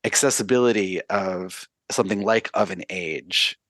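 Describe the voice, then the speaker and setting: A man's voice: deep voice, normal speed, a bit bright, no echo. A middle-aged man hosting a podcast interview, asking long questions filled with "um" and "you know". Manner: rambling questions with many fillers.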